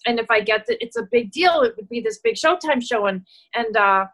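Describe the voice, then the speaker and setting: A middle-aged actress telling stories in a casual interview, animated and laughing, acting out the voices she quotes. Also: fairly high pitch, a little fast, low-quality recording. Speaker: actress and guest.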